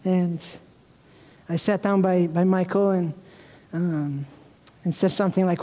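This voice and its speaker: High-voiced preaching man in a reverberant church. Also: fairly even intonation, normal speed, warm tone. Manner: earnest, emotional preaching with repeated restarts. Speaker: pastor. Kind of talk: sermon. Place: church sanctuary.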